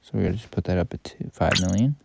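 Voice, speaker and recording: Low gravelly man narrating gameplay. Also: quick pace. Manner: rambling, self-correcting, offhand. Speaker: gaming YouTuber. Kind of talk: casual gameplay commentary. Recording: loud background noise.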